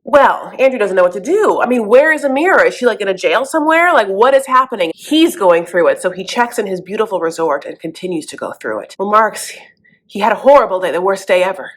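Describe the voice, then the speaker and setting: A woman's voice: medium pitch, expressive, quick pace. A woman hosting a comedic reality TV recap, sassy and sarcastic, who calls listeners honey. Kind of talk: comedic commentary.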